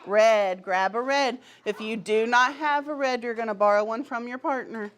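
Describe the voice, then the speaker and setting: A woman's voice: a little high, moderate pace. A young woman teaching a pre-kindergarten class in a classroom, upbeat and encouraging, giving short firm directions to small children. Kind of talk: classroom instruction.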